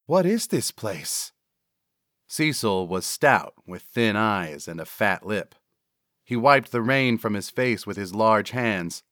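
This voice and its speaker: A man reading a horror story in a measured narrating style. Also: lowish voice, pushed and bright, dry recording, studio quality.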